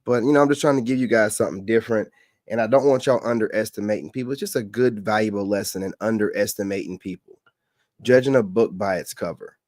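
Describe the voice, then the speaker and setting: Man, commentator, casual, lecturing, repeats himself, low pitch, dry. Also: fast, a little mellow, no echo. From the Carolinas, US. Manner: lecturing, repeats points for emphasis. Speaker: commentator reacting to clips.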